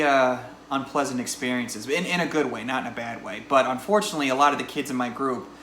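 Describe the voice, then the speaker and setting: A man's voice: mid-range voice, pushed and bright, reverberant, slight background noise, poor audio. A man in his thirties giving a casual, chatty spoken movie review in an informal, conversational way. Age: 30s.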